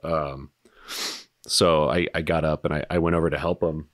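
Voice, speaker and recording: A man in his thirties with an extremely deep, low voice tells his story as a podcast guest. He talks casually and haltingly, full of fillers and blunt swearing. The sound is close and dry, with no room echo. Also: flat delivery. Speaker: podcast guest, retired soldier.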